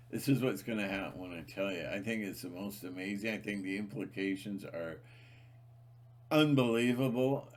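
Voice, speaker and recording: A man talking straight to his viewers in a rambling, emphatic monologue, often repeating himself and restarting sentences. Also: low-pitched. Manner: emphatic, repetitive, many restarts and fillers. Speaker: channel host.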